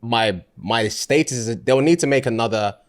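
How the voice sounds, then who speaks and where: A man's voice: medium pitch, moderate pace. A young man, co-hosting a podcast in laid-back, joking casual chat. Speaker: podcast co-host.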